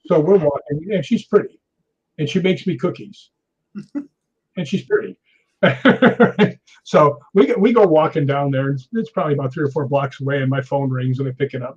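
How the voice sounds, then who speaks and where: Husky-voiced man telling a lively ghost story. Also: a little high. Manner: animated, acts out quotes, laughs often. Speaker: guest storyteller. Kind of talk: casual anecdote telling. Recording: dull lo-fi sound.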